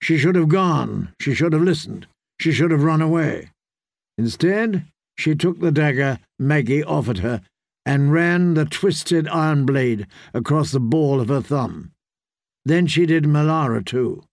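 A man reading a fantasy novel aloud in measured storytelling narration. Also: fairly high pitch, expressive, gravelly, dry recording, studio quality. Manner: measured storytelling, voicing characters. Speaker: audiobook narrator.

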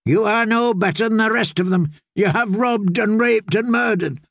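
A grim, blunt woman knight, as a male narrator puts her on, speaking in clipped, stern commands. The voice is lifted and a little gravelly, in a dry, close recording. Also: sits high, animated, measured pace, no echo, pitched above the performer's own voice, heavily acted. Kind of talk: audiobook character voice.

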